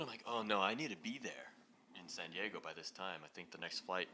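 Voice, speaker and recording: A man giving an inspirational talk to a live audience, telling a story in a lively way and laughing often. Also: sits low, quick pace, noisy background. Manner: animated, laughing as he acts out the story. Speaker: speaker leading a heart talk. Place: event hall.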